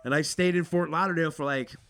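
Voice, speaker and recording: A man from Connecticut, a podcast co-host telling a personal story in a profane, animated way. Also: a little high, quick pace, clean tone.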